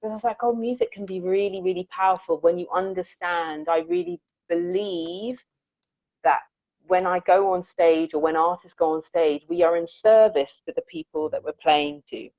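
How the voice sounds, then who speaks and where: Earnest, low-voiced woman musician guest. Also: steady tone, normal speed, no room sound. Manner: reflective, earnest, acts out quoted lines. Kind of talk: conversational interview storytelling. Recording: dull, dry lo-fi audio.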